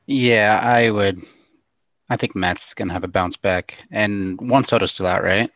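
A man co-hosting a casual chat, easygoing and quick to chime in with agreement. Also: lowish voice, fairly even intonation, a bit bright, no echo, clean studio sound. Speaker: co-host.

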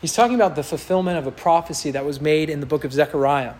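Preaching at a quick pace, a man with a fairly high, darkish voice keeps his sermon conversational. When he quotes people, he sometimes acts out their voices mockingly.

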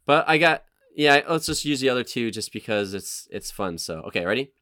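A man's voice: a little fast, no room sound, studio quality. A man hosting a podcast, chatting casually and reading movie quotes aloud. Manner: animated when reading quotes, low-key otherwise. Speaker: podcast host.

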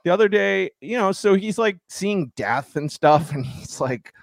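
A man's voice: high-pitched, unhurried, vocal fry, no echo. A man in his thirties, a podcast co-host, animatedly telling a story in casual chat. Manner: animated storyteller, laughs often.

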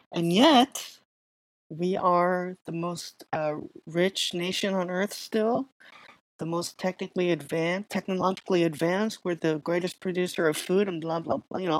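Woman preaching like she's just chatting, slow, kinda low voice. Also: steady tone, rough recording. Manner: conversational and storytelling, with filler words and restarts. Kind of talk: sermon.

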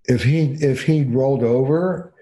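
An older man from New Jersey, a couples therapist, telling stories in an animated, emphatic way in a casual podcast chat. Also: mid-range voice, a little slow.

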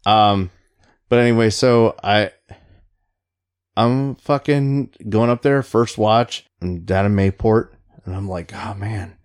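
A man's voice: on the low side, slow, pauses often, clear, resonant tone. A middle-aged man, a Navy veteran, telling rambling stories in casual chat, swearing freely and laughing along.

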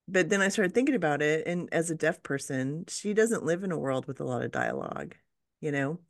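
A woman co-hosting a podcast, talking in a measured, reflective way. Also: low voice, sing-song, gravelly, dry recording, clean studio sound. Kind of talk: casual discussion.

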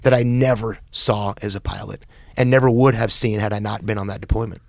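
Thoughtful low-voiced male podcast guest. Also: fairly even intonation, fairly quick, gravelly, dry recording. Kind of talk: reflective podcast conversation.

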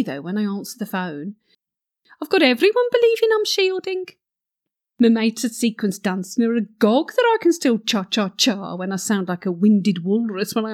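A woman's voice: fairly high pitch, darkish tone. A woman playing a flirty gossip. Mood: flirtatious. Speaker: comic monologue character. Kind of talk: comic character monologue.

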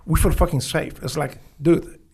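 A man with a gravelly, dark voice and a Polish accent tells his stories as a guest in an interview. He swears freely, restarts his sentences and speaks broken English. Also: on the high side. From Poland. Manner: blunt, profane, halting with restarts and broken English. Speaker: guest, former Navy SEAL. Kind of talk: casual storytelling interview.

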